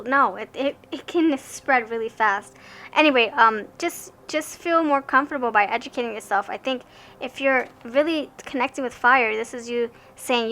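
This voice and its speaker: A woman's voice: on the high side, normal speed, sharp tone. A young woman giving a casual tarot card reading, chatty and rambling, who often stammers and restarts her sentences.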